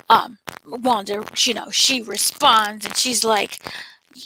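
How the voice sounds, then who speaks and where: A woman co-hosting a casual spoiler recap, retelling scenes in an animated way with playful voices. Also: on the high side, takes it slowly, a little hiss or hum, rough recording. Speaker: entertainment editor, co-host.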